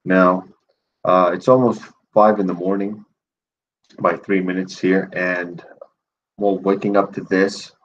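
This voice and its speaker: A man hosting a casual thank-you stream, speaking in a groggy morning voice and rambling with many fillers and pauses. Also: sits low, flat delivery, dull audio, slight background noise. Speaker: channel host.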